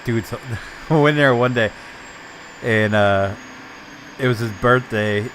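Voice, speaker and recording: A man's voice: medium pitch, takes it slowly, fairly bright tone, a little hiss or hum. A man casually chatting while he streams a game, telling rambling anecdotes and laughing often. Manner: swears casually. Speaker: gaming streamer.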